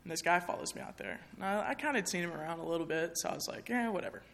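A woman's voice: on the low side, lively intonation, very fast, vocal fry, fairly bright tone, slight background noise. A young woman speaking candidly to an audience in a chapel, sharing a personal testimony in a conversational way with many fillers.

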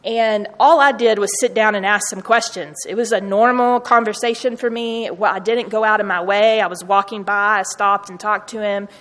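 A woman shares heartfelt personal stories with a room of students, speaking in an earnest, warm-hearted storytelling way. Her voice sits at an ordinary middle pitch and rings with a long reverb, as though she is addressing a large hall. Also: fairly even intonation, normal speed, few pauses. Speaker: university staff speaker.

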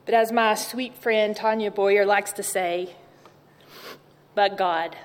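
A woman giving a gentle, reflective devotional chapel talk, repeating her key words. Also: mid-range voice, fairly even intonation, slow pace, clear, resonant tone, long reverb tail. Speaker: chapel speaker.

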